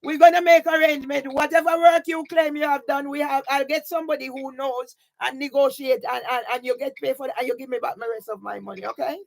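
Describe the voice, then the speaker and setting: A woman's voice: sits high, fairly even intonation, quick pace, vocal fry, few pauses. A woman in a heated phone argument, insistent and repeating herself as she demands money back. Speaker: caller disputing money.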